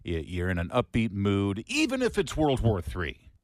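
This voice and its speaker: A man's voice: lowish voice, wildly swooping pitch, normal speed, no echo. Upbeat male morning radio host. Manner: upbeat, stumbling restarts. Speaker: radio talk show host. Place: radio studio.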